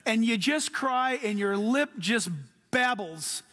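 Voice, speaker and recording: A man preaching a sermon as a pastor, animated, swinging between loud outbursts and hushed quiet lines. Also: very high voice, takes it slowly, in a large hall.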